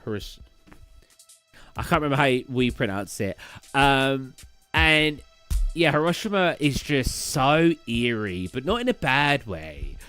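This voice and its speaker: British man, young adult, rambling casual streamer chat, mid-pitched voice, faint music behind. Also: fairly bright tone. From Britain. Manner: rambling, chatty, stumbles over place names. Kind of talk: casual chat while live gaming.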